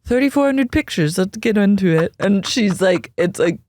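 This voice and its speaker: A man's voice: high-pitched, expressive, darkish tone, dry recording, clean studio sound. Young man joking podcast co-host. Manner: quick, joking, plays along with exaggerated impressions. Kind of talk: comedic recap chat.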